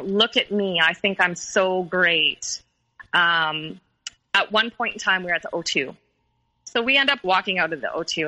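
Woman guest telling her story, halting and earnest, very bright sharp voice. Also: on the low side, rough recording. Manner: earnest and halting, many pauses and restarts. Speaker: podcast guest. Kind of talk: personal storytelling interview.

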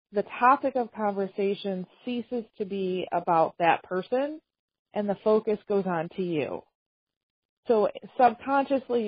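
A woman with a slightly husky voice teaches communication skills in a calm, measured, conversational way. Her voice is recorded dry and a little dull, with no room sound. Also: mid-range voice, no echo. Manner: calm, measured, conversational, with acted-out example phrases. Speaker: trainer. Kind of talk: instructional talk on communication.

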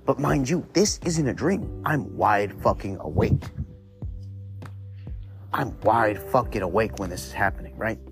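A man with a fairly low voice recounts a frightening night in loose, rambling podcast talk, swearing often. Faint music sits quietly under his voice. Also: expressive, measured pace. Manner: profane, rambling, conversational. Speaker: podcast host. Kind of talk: casual spooky storytelling.

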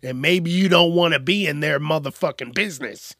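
A man's voice: a little high, brisk, a bit bright, no room sound, studio quality. A man on a podcast, ranting crudely and mockingly with lots of swearing. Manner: profane, mocking, acts out whiny voices. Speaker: podcast host. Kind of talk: crude comedic rant.

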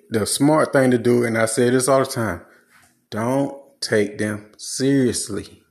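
A man's voice: mid-range voice, gravelly. A man giving blunt, preachy relationship advice in a casual, slangy monologue.

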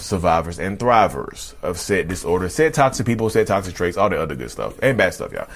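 A man in his thirties with a lowish baritone voice, hosting his own podcast. He talks in a loose, casual monologue, circling back and restarting sentences. He keeps calling his listeners y'all. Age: 30s. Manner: rambling, repeats himself, addresses listeners as y'all. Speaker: podcast host.

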